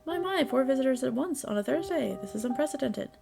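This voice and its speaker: A woman voicing a welcoming small-town male pastor who speaks in a gently preachy way. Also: mid-range voice, fast talker, vocal fry, over music, lightly acted. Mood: genial.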